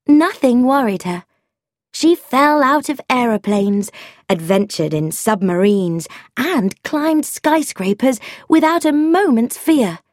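A woman narrating a story in the first person, with a wry, expressive manner. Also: mid-range voice, dry recording, studio quality. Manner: expressive, wry, with voiced dialogue.

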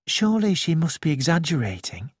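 A reader voicing a quiet, honest young woman who speaks softly and earnestly, in an audiobook. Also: medium pitch, very animated, a little fast, slightly rough, no echo, studio quality. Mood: gentle. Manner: soft, gentle, earnest.

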